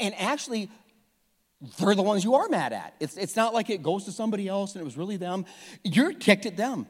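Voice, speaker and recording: A man preaching a sermon with passion, dropping from loud emphasis to hushed tones and often repeating his words. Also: sits high, big-room sound. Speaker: pastor.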